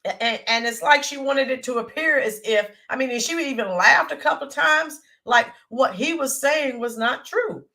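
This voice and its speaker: Chatty woman livestream host, bright voice. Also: high voice, moderate pace, hardly any pauses. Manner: chatty, greets viewers by name; hesitant with fillers and restarts. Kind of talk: casual live commentary.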